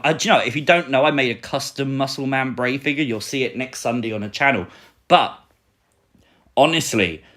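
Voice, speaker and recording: A young man from Britain hosting a casual live stream, excitably reading out and answering viewer comments. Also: mid-range voice. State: recovering, a little sore.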